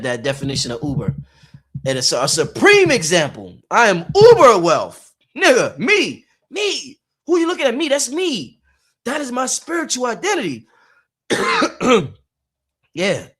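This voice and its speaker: Guy w a super high voice preaching, keeps repeating himself, lots of cussing. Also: fairly bright tone. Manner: emphatic, repetitive, preachy, profane. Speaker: podcast host. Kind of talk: motivational spiritual talk.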